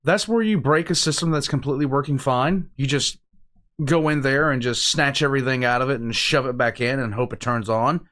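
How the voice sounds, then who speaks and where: A man's voice: medium pitch, brisk, fairly bright tone. Man reacting with wry quips. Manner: short wry interjections and sarcastic military jokes. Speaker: reaction channel host. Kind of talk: reacting to a video, casual commentary.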